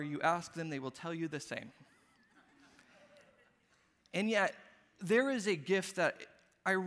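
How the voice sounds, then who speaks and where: A pastor with a high voice preaches a sermon in a big-sounding room. He is earnest and emphatic, often dropping to a hushed, tender tone.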